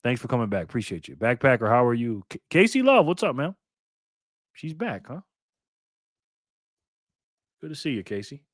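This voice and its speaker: An older man runs a casual live stream, calling out viewers by name in bursts of loud cheer. In between he drops to low mutters while he works his phone, and his mid-pitched voice sits dry and close to the mic. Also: animated, normal speed, pauses often, no room sound.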